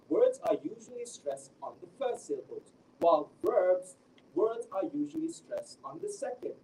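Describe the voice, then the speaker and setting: A young man gives an academic presentation of his research as a teacher trainee, often restarting his sentences. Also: sits high. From Malaysia. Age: young adult. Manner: animated, with frequent restarts. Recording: distant mic with faint background noise.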